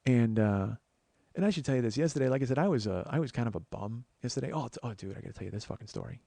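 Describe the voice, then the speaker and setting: Fast-talking rambling comic storyteller, man. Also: mid-range voice, animated, gravelly, mellow, no room sound. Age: 40s. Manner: rambling, stammering restarts, swears. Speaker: podcast host.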